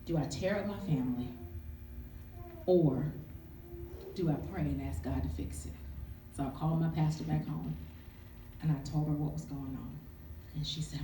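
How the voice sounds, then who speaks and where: A woman's voice: deep voice, animated, moderate pace, long pauses, slight background noise. A woman, telling a candid, humorous story to a live audience at a book event. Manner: candid, humorous, testifying, calls for audience response. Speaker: author and speaker. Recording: echoey hall, distant mic, audience.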